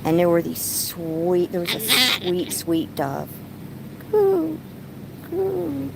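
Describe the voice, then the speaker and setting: A woman's voice: lowish voice, slow pace, vocal fry, noisy background. A middle-aged woman telling stories in a casual vlog, chatty and breaking off to talk to her pet bird. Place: rural home, outdoors.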